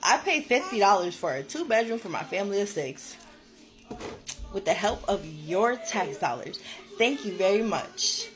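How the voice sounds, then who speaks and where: A woman's voice: mid-range voice, big pitch swings, normal speed. A woman talking in a taunting, sarcastic way.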